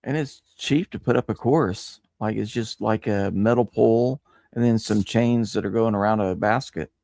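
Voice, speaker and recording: Low-voiced man chatting, dry sound. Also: moderate pace, vocal fry, a little mellow, no echo. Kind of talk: casual chat.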